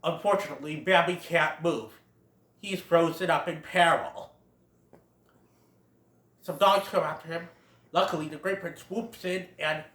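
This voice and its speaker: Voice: mid-range voice, fairly bright tone, roomy sound. A film reviewer retelling a plot in a casual, chatty way, laughing along. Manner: chatty, laughs at own jokes.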